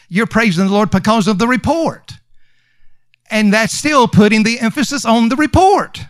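At normal speed and in a high voice, a man preaching as pastor repeats lines to stress them. The delivery is emphatic and conversational, with fillers and restarts, and there's no echo.

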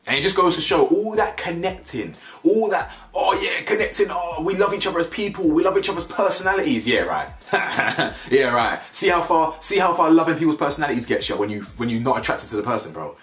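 A man's voice: medium pitch, a bit bright, roomy sound. A young man giving a casual, slangy reality-show review, laughing often and repeating his words. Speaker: TV review vlogger. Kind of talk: casual reaction commentary.

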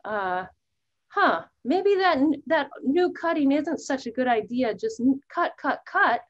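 A woman's voice: lively intonation, unhurried, lo-fi sound. A woman voicing a cheerful female songbird in an educational role-play, with a folksy, bubbly manner. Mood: thoughtful. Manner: folksy, bubbly, high put-on voice.

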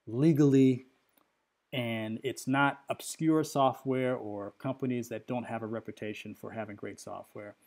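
A man's voice: medium pitch, darkish tone. A middle-aged man narrating a screen recording, agitated and rambling as he talks straight to his viewers with lots of "okay?" and "right?". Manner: frequent tag questions and fillers. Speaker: computer user demonstrating a software crash.

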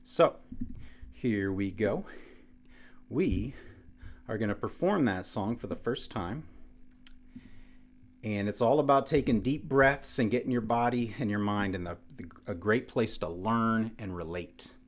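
A man performing for children, introducing his songs in a calm, encouraging, friendly way during a virtual show. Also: fairly low pitch, a little slow, pauses often. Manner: calm, encouraging, speaking to kids. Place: home studio, broadcasting virtually.

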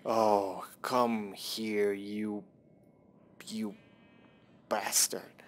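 Slow, rambling young gamer guy. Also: mid-range voice, lively intonation, gravelly. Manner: rambling, self-deprecating, swears at the game. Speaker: gameplay commentator. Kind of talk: casual gameplay commentary.

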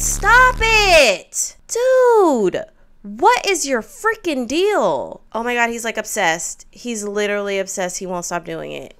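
A young woman giving casual gameplay commentary, chatting quickly and scolding the game characters in exasperation, with swearing, laughs and sighs. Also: fairly low pitch, a bit bright, clean tone. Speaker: gaming YouTuber.

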